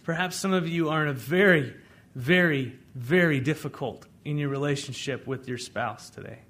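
A man preaching a sermon as pastor, in a conversational way, swinging between loud emphasis and hushed asides. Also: on the high side, moderate pace.

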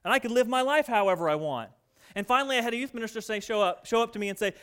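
A man who is a minister, preaching a sermon in an earnest, conversational way that swings between loud, pressing moments and hushed, quiet ones. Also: very high voice, rapid-fire, smooth.

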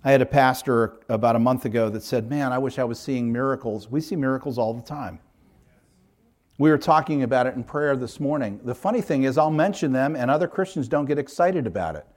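A man's voice: medium pitch, fairly quick, a little mellow. A middle-aged man, a pastor, preaching a sermon in an earnest, emphatic way, stacking up repeated parallel phrases.

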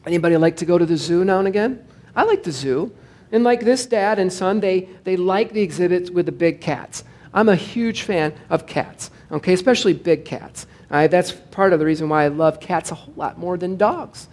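A man's voice: sits high, darkish tone. Conversational male pastor preaching a sermon. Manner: conversational and digressive, with jokes to the congregation; slows down to stress scripture.

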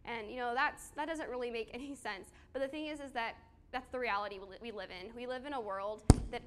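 This is a very noisy recording of a woman giving a casual sermon on a handheld mic to a small live audience. Her voice is fairly high and her pace is quick, and she's chatty and self-deprecating, with fillers and questions for the group.

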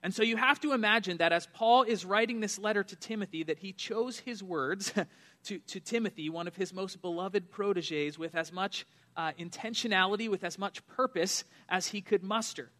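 A young man delivers a sermon in a high, bright voice. He preaches in an earnest, conversational way, with frequent fillers and restarts. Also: normal speed. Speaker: pastor.

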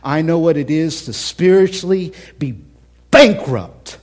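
A man preaching a sermon as pastor, impassioned, swinging between loud, emphatic lines and hushed whispers. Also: a little high, lively intonation, a little slow. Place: church.

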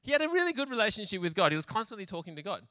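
A man's voice: high-pitched, very animated, racing, pushed and bright, no room sound, clean studio sound. A man giving a sermon in a chatty, humorous storytelling way, laughing often and acting out little scenes. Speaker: preacher.

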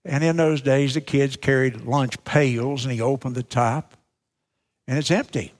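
A man's voice: medium pitch, fairly even intonation, measured pace. A man preaching a sermon, telling a story and then speaking earnestly and directly to his listeners.

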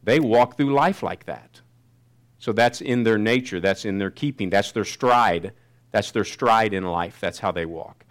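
A man preaching a sermon, reading scripture slowly and then telling a personal story. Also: fairly low pitch. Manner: slows down to read scripture, then tells a story. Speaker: pastor.

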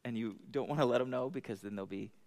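A man's voice: medium pitch, quick pace, gravelly, darkish tone. A middle-aged man preaching a conversational sermon, chatty and self-deprecating, often asking the congregation questions. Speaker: pastor.

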